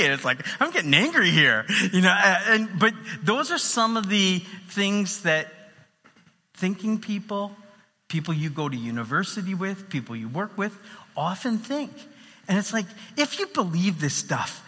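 Animated preacher in a reverberant hall. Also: male voice, sits high, moderate pace. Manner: animated, conversational with many fillers. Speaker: pastor. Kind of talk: sermon.

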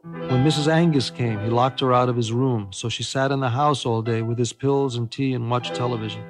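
An older man reading his own children's book aloud, with expressive storytelling. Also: medium pitch, brisk. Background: music.

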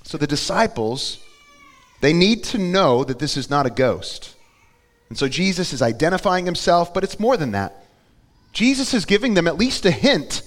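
Guy preaching in church, talks casual, asks the crowd stuff, gets loud on the big lines, slightly high voice, long echo off the room. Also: big pitch swings, moderate pace. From Florida. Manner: conversational, asks the congregation questions, rises to loud emphatic peaks. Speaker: pastor. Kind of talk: sermon.

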